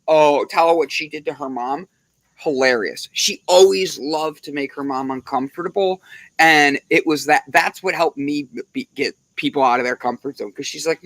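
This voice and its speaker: A co-host in casual chat who tells jokes and stories in an animated way, laughing often. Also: medium pitch, moderate pace, no room sound. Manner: animated, joking storyteller with big laughs.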